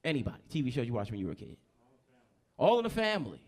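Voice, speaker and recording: A man's voice: medium pitch, huge pitch swings, very fast. A man in his thirties from New Jersey doing a stand-up set in a comedy club, brash and profane, working the crowd.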